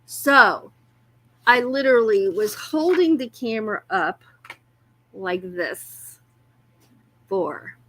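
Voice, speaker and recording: A woman's voice: mid-range voice, lively intonation, slow pace, pauses often, a bit bright, a little hiss or hum. A woman hosting a casual livestream, chatty and often breaking into laughter. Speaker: livestream host.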